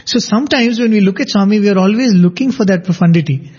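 Laughing now and then, this storyteller recounts anecdotes at a relaxed, measured pace in a devotional talk. His high voice is mellow with a slight huskiness, and the lo-fi recording sounds dull.

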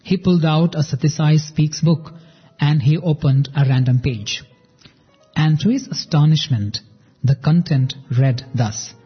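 A man's voice: on the high side, a little slow, husky, big-room sound, highs cut off, soft background music. A man hosting a devotional show, earnestly telling a story and addressing his listeners. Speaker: podcast host. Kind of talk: devotional narration.

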